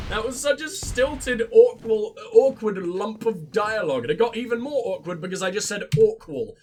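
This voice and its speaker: A man hosting a let's play and commenting on the game in a sarcastic, sweary, excitable way. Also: high-pitched, normal speed, pauses often, slight background noise. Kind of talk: gameplay commentary.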